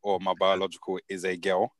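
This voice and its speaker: Young man, low voice, dry close mic, steady storytelling, casual chat. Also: a little fast, no room sound. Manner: steady, storytelling, laughs easily. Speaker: podcast co-host.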